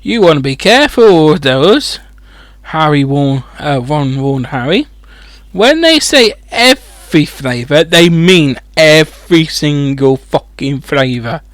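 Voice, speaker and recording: A man's voice: on the high side, lively intonation, slow, a bit bright, dry recording. A man reading a children's fantasy book aloud as a comedic audiobook, breaking off into rambling, sweary, mocking asides. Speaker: audiobook reader.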